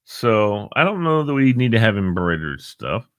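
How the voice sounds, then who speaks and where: A man's voice: mid-range voice, big pitch swings, a little fast, no echo, studio quality. A middle-aged man hosting a live online show, chatting casually, joking and reading out viewers' names. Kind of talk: casual live-stream chat.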